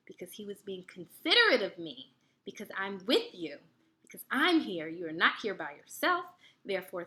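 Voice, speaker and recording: A woman hosting a wellness video, giving advice through chatty, animated personal stories. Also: on the high side. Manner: chatty and animated, laughs while telling stories. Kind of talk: storytelling advice talk.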